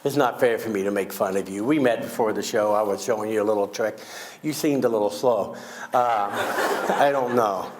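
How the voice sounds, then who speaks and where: On a school stage, a man with a lowish voice at a moderate pace runs a comedic magic show. His patter is full of wisecracks teasing his young volunteers.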